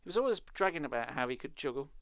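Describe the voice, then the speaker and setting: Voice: mid-range voice, very animated, very fast, a bit bright, no room sound. A streamer reading a children's horror book aloud live, with casual, sarcastic, swearing asides.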